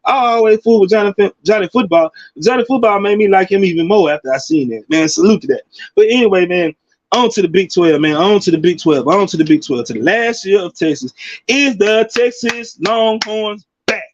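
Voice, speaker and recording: Lively, high-voiced man in his forties. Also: fairly quick, no room sound, dull audio. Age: 40s. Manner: animated, slangy, loud bursts and laughing asides. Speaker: college football commentator. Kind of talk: casual sports commentary.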